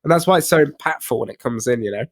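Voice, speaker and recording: A man's voice: mid-range voice, expressive, very fast. A young man co-hosting a casual album review chat, rambling and hesitant, swearing and laughing often. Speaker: podcast co-host reviewing albums. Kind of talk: casual banter.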